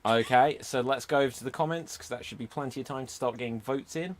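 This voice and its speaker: A man's voice: medium pitch, fast talker. A man hosting an online improv comedy show, upbeat, calling on judges and reading votes. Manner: upbeat, addresses audience and judges.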